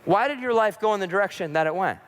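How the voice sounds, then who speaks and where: A man's voice: sits high, animated, quick pace. A young man giving an earnest, sermon-style teaching on a podcast and speaking directly to his listeners. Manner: earnest, storytelling, direct address.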